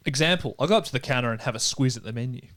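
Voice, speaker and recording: A man's voice: medium pitch, racing, a bit bright. A man co-hosting a casual podcast chat, reading out slang examples with a joking manner. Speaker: podcast co-host.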